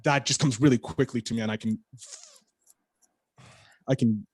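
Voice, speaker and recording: A man on a podcast as a guest, telling a story in an animated, casual way and swearing freely. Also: mid-range voice, normal speed, husky, no echo, studio quality.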